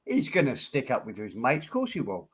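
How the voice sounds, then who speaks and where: A man's voice: medium pitch, wildly swooping pitch, brisk, crowd noise. A man on a livestream, rambling and self-deprecating, apologetic in tone.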